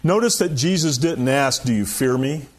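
A man's voice: mid-range voice, expressive, normal speed. Folksy man preaching a casual sermon. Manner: conversational, folksy, with frequent "you know" and chuckles. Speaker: pastor.

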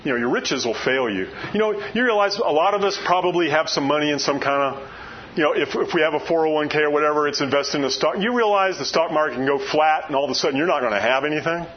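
An older man delivers a folksy sermon, peppering it with rhetorical questions. His voice sits a bit high for a man. The recording is dull and lo-fi, with a faint hiss underneath. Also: quick pace. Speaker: preacher.

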